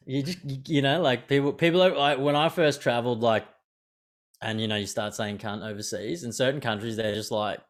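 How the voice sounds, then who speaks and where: A man's voice: mid-range voice, brisk. A young Australian man hosting a podcast, chatting casually and swearing freely, acting out the voices of people he describes. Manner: sweary, animated, acts out quoted voices. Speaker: podcast host. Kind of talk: casual unscripted chat.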